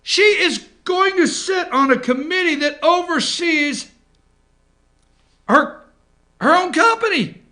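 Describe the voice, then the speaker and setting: A man's voice: extremely high pitch, lively intonation, slow pace, long pauses, sharp tone. A man hosting a political talk show from an office, ranting with sarcasm, indignation and swearing.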